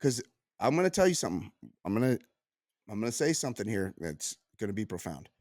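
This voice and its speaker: A man co-hosting a podcast, reading news aloud and riffing on it in casual comedic banter, full of restarts and quick asides. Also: on the low side, dry recording, clean studio sound. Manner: animated, riffing, reads news aloud then jokes; frequent restarts and filler yeahs. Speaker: podcast co-host.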